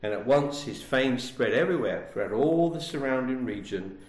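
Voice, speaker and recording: A man's voice: medium pitch, lively intonation, normal speed. A man preaching a sermon, emphatic and full of rhetorical questions. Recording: echoey room.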